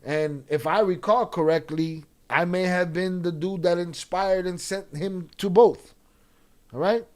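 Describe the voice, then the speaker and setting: A man's voice: high voice, measured pace, a little mellow. A man hosting a live stream, casually commenting and reading chat aloud in a blunt, profane way. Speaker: live-stream reaction host.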